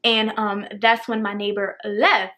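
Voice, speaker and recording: A woman's voice: medium pitch, flat delivery, measured pace, bright, forceful tone. A young woman casually telling a storytime to the camera, chatty and profane. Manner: chatty and profane, acts out quotes. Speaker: storytime vlogger.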